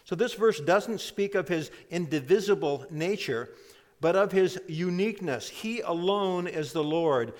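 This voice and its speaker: A man preaching a sermon, emphatic, with sudden drops to a soft, intimate tone. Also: on the high side, in a large hall. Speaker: pastor.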